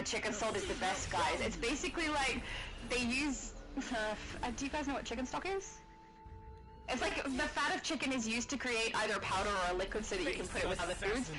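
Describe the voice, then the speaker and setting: A woman's voice: fairly high pitch, rough recording. An Australian woman rambling and laughing as she chats with viewers while streaming a game. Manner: rambling, chatty, laughs often. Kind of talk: casual live-stream chat while gaming. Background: game music.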